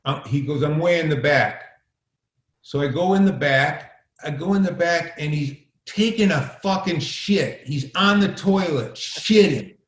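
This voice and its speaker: A middle-aged man spins a long, rambling story, swearing freely as he goes. His voice sits a touch high and carries a roomy echo. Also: a little slow. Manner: rambling, profane, acts out quoted exchanges. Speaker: podcast guest, filmmaker. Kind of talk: casual storytelling.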